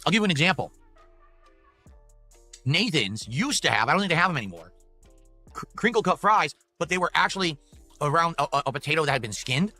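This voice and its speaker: A man talks through a fast-food meal in a measured, matter-of-fact review. His voice is very bright and a little high, and his pace is steady. Faint music plays behind him.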